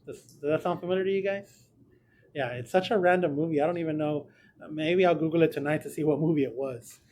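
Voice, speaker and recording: A man's voice: on the high side, a little fast, a little mellow. A man teaches a math lesson from a small room. He is chatty and joking and talks straight to his students. A faint hum of room noise sits behind him. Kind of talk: recorded classroom lesson.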